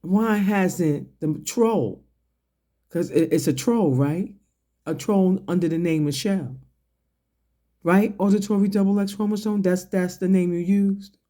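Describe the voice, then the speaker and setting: A man's voice: sits high, mellow. A man giving a profane, confrontational rant to his audience, mocking and questioning someone point by point. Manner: slow, deliberate delivery with pointed questions. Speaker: online commentator. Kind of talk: ranting commentary to camera.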